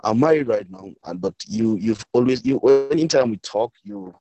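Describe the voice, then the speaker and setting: A man, speaking emotionally and haltingly as a guest on an online call from a village, often repeating himself. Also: medium pitch, expressive, vocal fry, mellow, no room sound, rough recording. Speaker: guest speaker, author's brother. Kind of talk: emotional speech on a video call. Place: village, weak network.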